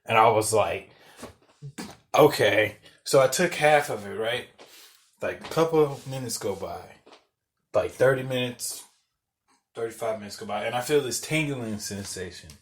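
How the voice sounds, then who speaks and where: A man's voice: mid-range voice, expressive, moderate pace, long pauses, slight background noise. Young man telling a profane story. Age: young adult. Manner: loose, profane, laughs through his own story. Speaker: podcast host. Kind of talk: casual storytelling.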